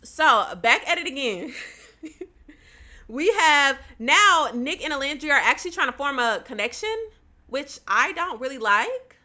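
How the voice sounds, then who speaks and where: A woman's voice: sits high, lively intonation, a little slow, pushed and bright. A young woman, chatting casually on a home livestream, laughing often and addressing viewers by name.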